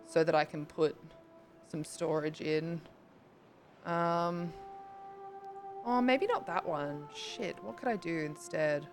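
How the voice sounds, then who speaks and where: A chatty young woman with a lowish voice streams a game live, thinking aloud as she plays. She greets viewers, swears casually and squeals at small wins. Faint game music plays behind her. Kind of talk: casual live-stream chat while playing.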